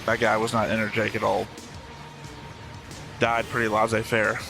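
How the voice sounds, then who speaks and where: A man's voice: lowish voice, completely flat delivery, normal speed, gravelly, music in the background. A man co-hosting an anime reaction show in casual, joking chat, explaining his reasoning at length.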